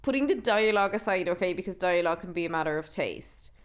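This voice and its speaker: A woman's voice: on the low side, animated. An Irish woman co-hosting a podcast, chatting casually and with strong opinions about a film. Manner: talkative, opinionated, quick asides. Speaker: podcast co-host. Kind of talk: casual film review chat.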